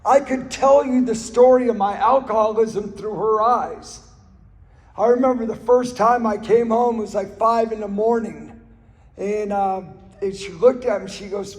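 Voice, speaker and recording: A man shares his recovery story in an earnest personal talk, his high voice steady, a little slow and a little mellow. Recorded in a reverberant hall, he tells stories and repeats phrases for emphasis.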